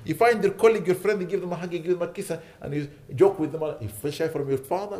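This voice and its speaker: A man delivers a sermon in an earnest, pleading way, pressing his points with indignant emphasis. His voice is mellow and somewhat high for a man. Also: fast talker. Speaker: imam.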